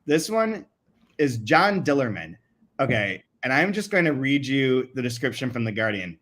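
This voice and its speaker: A man's voice: medium pitch, very animated, normal speed, fairly bright tone. Guy on a podcast reading out weird stuff, giggles a lot, normal mid voice. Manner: giggly, laughs often mid-sentence. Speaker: podcast co-host. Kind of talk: casual chat, reading quotes aloud.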